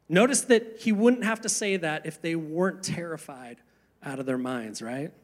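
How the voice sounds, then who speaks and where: A man preaching a sermon, earnest, asking rhetorical questions and slowing down for emphasis. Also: a little high. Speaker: pastor.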